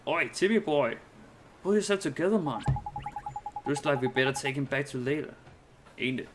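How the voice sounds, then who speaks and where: A man voicing a cheeky male fairy sidekick, talking in a lower, gruff and scolding way. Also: expressive, moderate pace, music in the background, lightly acted.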